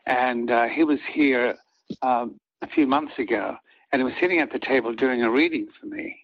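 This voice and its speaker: Older male actor guest, earnest halting storyteller, dull lo-fi sound. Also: mid-range voice, big pitch swings, vocal fry. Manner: earnest, halting, with many restarts. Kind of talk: reflective storytelling in an interview. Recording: dull lo-fi audio.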